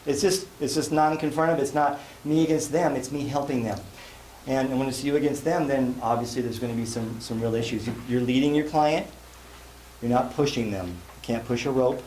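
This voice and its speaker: A man's voice: medium pitch, a little fast, a little mellow. A man giving a live sales seminar at a conference, telling folksy, self-deprecating stories with jokes. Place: conference hall before an audience. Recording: echoey live hall, faint room noise.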